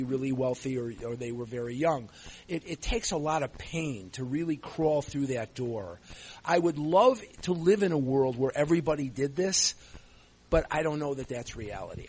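A man's voice: medium pitch, slightly rough. A man panelist with a cold, speaking bluntly and hammering points home by repetition. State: has a cold.

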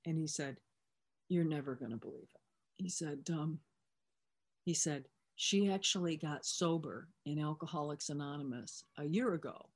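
A woman speaking as a recovery sponsor shares a personal story conversationally, full of fillers and restarts, and retells back-and-forth dialogue. Her voice is low and her speed normal.

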